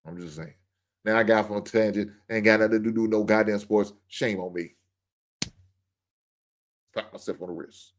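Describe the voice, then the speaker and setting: A man with a low voice rants bluntly as the host of his own show, joking between points. He talks in a loose, casual monologue. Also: fairly even intonation, moderate pace, long pauses. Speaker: podcast host.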